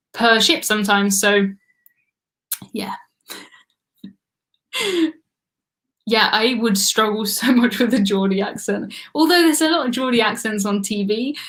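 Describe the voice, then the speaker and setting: A woman's voice: medium pitch, a bit bright. An English woman hosting a live trivia stream, chatting casually and laughing often as she reads viewer comments.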